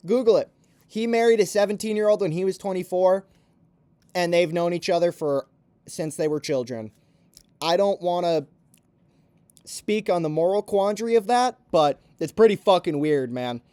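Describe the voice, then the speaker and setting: A man's voice: on the high side, darkish tone, clean tone, no echo. A man giving heated, profane and sarcastic commentary about fighters in a vlog. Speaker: MMA commentator.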